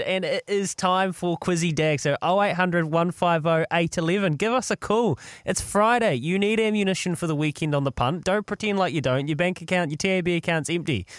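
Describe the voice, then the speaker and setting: A cheeky New man co-hosts breakfast radio and ribs listeners about their betting. His voice is high for a man. The sound is dry and close to the mic. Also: no room sound. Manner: cheeky, teasing. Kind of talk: radio promo chat.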